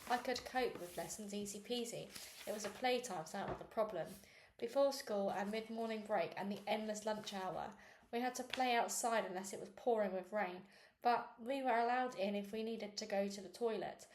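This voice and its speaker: Woman reading a children's book aloud. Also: normal speed. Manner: reads with small slips and restarts, lifts pitch for quoted girls. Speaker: reader. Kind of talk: read-aloud book narration. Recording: echoey room with faint noise.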